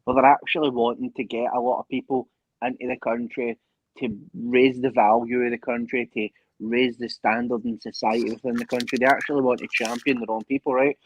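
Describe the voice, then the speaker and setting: Give me a man with a husky voice in casual chat, rambling, on dry close lo-fi audio. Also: mid-range voice, little pitch movement, fairly quick, no echo. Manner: rambling, tags sentences with "right".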